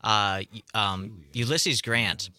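A man's voice: on the low side, slow pace, sharp tone, no echo, clean studio sound. A man co-hosting a radio show, talking casually with hesitations and self-corrections.

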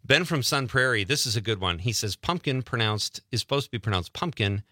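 Lively Wisconsin radio host, bright voice. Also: male voice, medium pitch, a little fast, no echo, studio quality. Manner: animated, jokey storytelling. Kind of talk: casual radio chat.

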